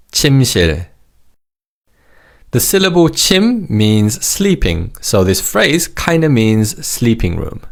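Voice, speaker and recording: A man teaching a language lesson in a clear, encouraging way, modelling words for the listener to repeat. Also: mid-range voice.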